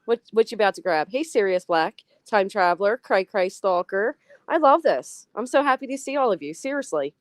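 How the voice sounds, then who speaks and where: A woman hosts a relaxed livestream, rattling off viewer names and chatting casually with a laugh here and there. Her voice sits at an ordinary middle pitch. The sound is dry and close, with no room echo. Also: moderate pace. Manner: chatty, greets viewers by name, laughs often. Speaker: livestream host. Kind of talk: casual live-chat commentary.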